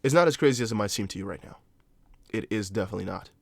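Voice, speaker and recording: A man's voice: lowish voice, expressive, rapid-fire, creaky, dry recording, clean studio sound. A young man, not a native English speaker, hosting a casual live stream, chatting loosely and answering viewer comments with restarts and apologetic asides. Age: young adult. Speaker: crypto livestream host.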